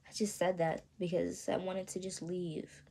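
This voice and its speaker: An 18-year-old woman telling her own story in a vlog, soft and halting, often stopping to ask "you know what I mean". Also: fairly low pitch, level tone, creaky, husky. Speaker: vlogger. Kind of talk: confessional personal storytelling.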